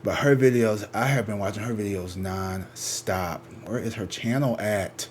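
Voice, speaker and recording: Casual male tarot reader, low voice, loose and slangy, swears freely. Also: measured pace, slight background noise. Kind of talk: casual rambling chat to viewers.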